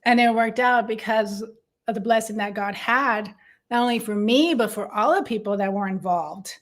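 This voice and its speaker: Earnest, high-voiced woman giving testimony. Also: moderate pace. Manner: earnest and heartfelt, with frequent restarts. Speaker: guest, business consultant and co-host. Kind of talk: faith-based conversation, personal testimony.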